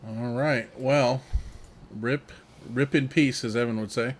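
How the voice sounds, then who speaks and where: A man co-hosting a podcast in casual chat, relaxed and quick to laugh. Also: mid-range voice, a little hiss or hum. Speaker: podcast co-host.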